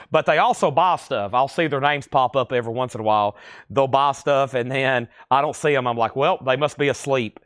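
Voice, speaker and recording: A man with a lilting Tennessee accent hosting a live-stream record sale, reading titles, conditions and prices in a steady, easy patter. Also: mid-range voice, brisk, no room sound, clean studio sound. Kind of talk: live-stream auction selling.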